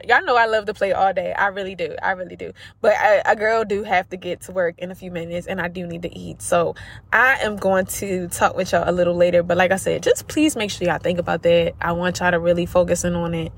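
A woman's voice: on the low side, a little hiss or hum. A woman hosting a podcast, talking casually and earnestly to her listeners as a business coach, repeating herself and calling them y'all. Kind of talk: casual motivational podcast talk.

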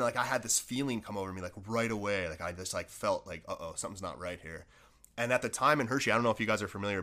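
A man, a former hockey player turned coach, telling a rambling story on a podcast with lots of "like" fillers. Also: lowish voice. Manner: rambling, animated, many "like" fillers.

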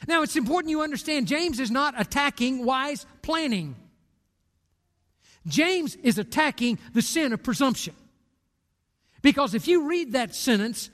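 A man's voice: very high voice, expressive, measured pace, long pauses, fairly bright tone. A man in his sixties preaching a sermon as pastor, emphatic and direct as he tells stories. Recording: long reverb of a large hall.

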